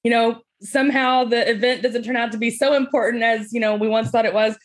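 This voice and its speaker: A woman hosting a casual interview, easygoing and quick to laugh. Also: on the high side, fairly even intonation. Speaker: podcast host.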